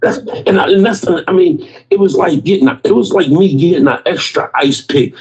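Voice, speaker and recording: A man telling a story slowly in a casual chat. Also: high-pitched. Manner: slow, drawn-out storytelling with laughs. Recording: dull lo-fi sound.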